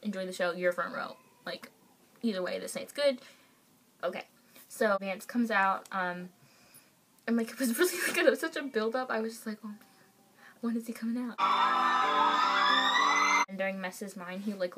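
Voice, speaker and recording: Young woman gushing thru a story at home, lots of likes and ums, mid pitch, faint hiss behind. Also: normal speed. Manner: excitable, gushing, many fillers. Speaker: vlogger. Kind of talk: casual storytelling to camera.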